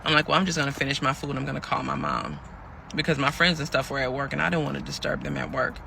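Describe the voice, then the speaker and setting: A man's voice: mid-range voice, lively intonation, quick pace, vocal fry, bright, forceful tone, slight background noise, heavily acted. A man telling a pregnant young woman's story in her voice, chatty and calling listeners y'all as he acts out the quoted lines. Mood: weary, aggrieved. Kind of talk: storytelling monologue.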